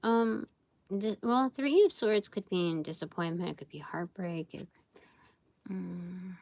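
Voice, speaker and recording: A woman's voice: lowish voice, slow, vocal fry, darkish tone, dry recording. A woman giving a casual live tarot reading, rambling and thinking aloud with many fillers. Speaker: tarot reader.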